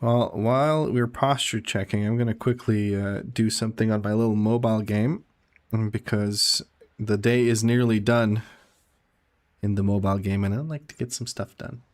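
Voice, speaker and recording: Chatty low-voiced man streaming games. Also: fairly even intonation, moderate pace. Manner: chatty, reads out and answers chat, laughs often. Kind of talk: casual gaming stream chat.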